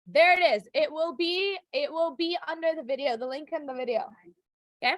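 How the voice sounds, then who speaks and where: A woman teacher giving a chatty, upbeat English lesson to a live class, with fillers and quick self-corrections. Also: high voice, dry recording. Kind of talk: classroom lecture recorded for video.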